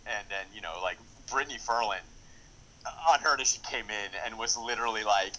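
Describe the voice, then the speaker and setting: A man with a very low voice and a bright, forward tone talks casually as a screenwriter and director. He rambles eagerly, stacking fillers and restarting sentences. His enthusiasm runs through the whole conversation. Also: brisk, slight background noise, rough recording. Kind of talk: casual interview.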